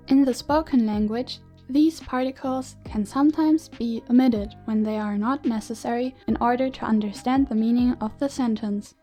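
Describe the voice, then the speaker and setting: A woman teaching a Korean grammar lesson in clear, measured scripted narration. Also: a little high, dark tone.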